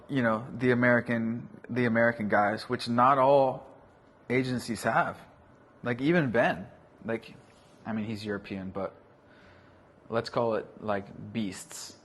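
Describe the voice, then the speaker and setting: A man in casual business chat, animated and loose with swear words. His voice sits at an ordinary pitch, with a faint hiss of noise behind him. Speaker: vlogcast host, agency owner.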